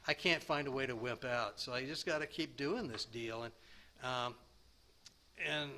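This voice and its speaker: A man in his sixties sharing his recovery story at a meeting, rambling and self-deprecating, with halting restarts. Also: medium pitch, sharp tone. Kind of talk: personal recovery share.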